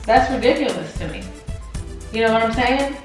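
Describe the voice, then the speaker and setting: A woman co-hosting a channel, talking about a painful family topic in a halting, tearful way, often repeating words and addressing viewers directly. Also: on the high side, expressive, very echoey, distant mic, faint music behind. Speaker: co-host. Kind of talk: emotional personal talk to viewers.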